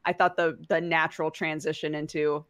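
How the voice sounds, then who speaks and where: Female co-host, lower voice, dry close mic, casual and giggly. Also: little pitch movement, brisk, a bit bright, clear, resonant tone, dry recording. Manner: chatty, laughs often, acts out quotes. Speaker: podcast co-host. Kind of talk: casual book club chat.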